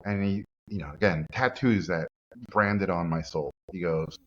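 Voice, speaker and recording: Lower-voiced man from Mexico, animated interview storyteller who acts out quotes, slightly muffled audio. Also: moderate pace. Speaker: guest, animator and director.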